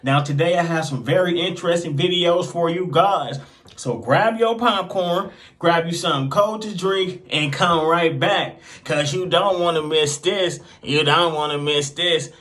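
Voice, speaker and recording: A man's voice: fairly high pitch, unhurried, fairly bright tone. A man hosting a video commentary channel, casual and playful, stretching out his hype lines. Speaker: host.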